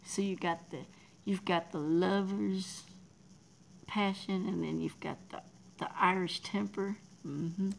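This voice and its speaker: A woman's voice: fairly low pitch, steady tone, slow pace, creaky, long pauses, a little hiss or hum, rough recording. A Texan woman from Texas chatting casually with her livestream viewers, rambling, reading the chat aloud and laughing often. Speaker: livestream artist.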